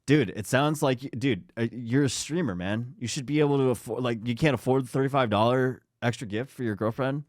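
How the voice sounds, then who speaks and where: A man's voice: mid-range voice, a little fast, hardly any pauses, no room sound, studio quality. A young man co-hosting a podcast, reading stories aloud between casual chat, swearing and joking at his own slips.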